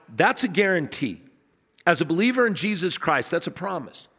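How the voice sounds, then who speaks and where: A man preaching a sermon, telling stories in a conversational way and dropping low and soft to stress points. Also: lively intonation, fairly quick, in a large hall. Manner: storytelling, conversational, dips low and soft for emphasis. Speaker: pastor.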